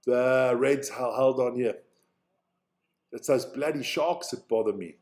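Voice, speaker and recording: The South African host of this rugby reaction live stream has a medium-pitched, slightly mellow voice and a measured pace. He chats casually, thinks aloud and swears without restraint.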